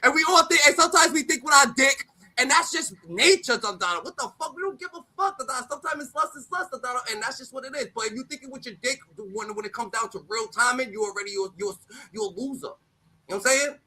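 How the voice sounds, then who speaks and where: A man with a very high, piercing voice talks in casual street slang, brash and profane. He preaches his point loudly in a sharp, bright tone. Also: animated, quick pace. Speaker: guest on live stream. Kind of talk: casual live-stream chat.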